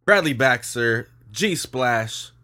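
A man hosting a casual podcast, joking and rambling in a loose, quick way. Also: mid-range voice, expressive, background noise. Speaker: podcast host.

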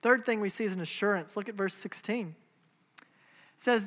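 This pastor, a man in his thirties, speaks at a normal speed with long pauses, his pitch high and slightly bright. His sermon is earnest and forceful, returning to repeated phrases and rhetorical questions, while a big hall's lingering reverb surrounds him.

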